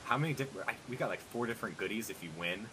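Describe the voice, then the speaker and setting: Bright-voiced male podcast host, rambling. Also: on the low side, expressive, rapid-fire, slight background noise, rough recording. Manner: rambling, joking, upbeat promo talk. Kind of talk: casual podcast chat.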